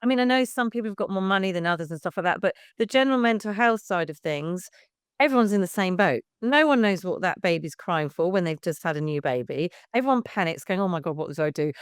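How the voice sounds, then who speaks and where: A woman's voice: medium pitch, expressive, fast talker, clear, resonant tone, dry recording, clean studio sound. A woman in her fifties, a baby music class leader, chatting frankly as a podcast guest and swearing casually. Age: 50s.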